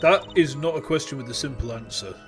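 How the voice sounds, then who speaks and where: A man voicing a graceful foreign woman singer who speaks calmly and formally in a lowered voice. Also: quick pace, faint music behind, close to an everyday voice.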